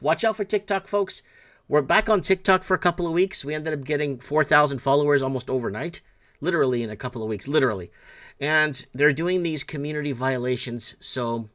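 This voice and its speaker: A man's voice: medium pitch, fairly bright tone. A middle-aged man hosting a livestream show, talking casually in a rambling, blunt way and swearing freely.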